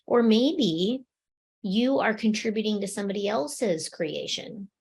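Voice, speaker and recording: A woman's voice: medium pitch, measured pace, creaky, darkish tone, breathy edge. A woman co-hosting a spiritual talk show, walking through everyday examples as she talks. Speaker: podcast co-host.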